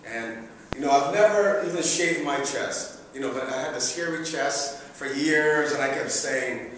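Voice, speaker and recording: Brief: middle-aged male speaker, slightly higher voice, comic self-mocking storyteller, echoey hall mic from afar. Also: a little slow, far from the mic, a little hiss or hum. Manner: animated, chatty, self-mocking. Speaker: public speaker. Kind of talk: humorous speech storytelling. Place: large hall. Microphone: distant room mic.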